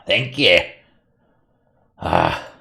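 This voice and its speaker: A man voicing a brave, one-armed male dwarf miner who blusters gruffly. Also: low voice, expressive, very slow, sharp tone, exaggerated voice. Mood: grateful.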